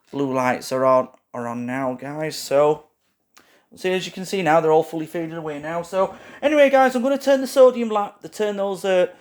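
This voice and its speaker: A man rambling through a casual show-and-tell vlog, halting and correcting himself often, with frequent fillers and asides to his viewers. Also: on the high side. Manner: keeps addressing viewers as "guys". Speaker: lighting hobbyist vlogger.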